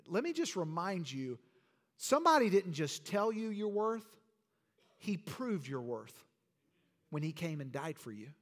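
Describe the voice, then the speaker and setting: A man's voice: fairly high pitch, fairly bright tone. A man preaching a sermon to his church with emphatic, rhetorical delivery. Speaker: pastor.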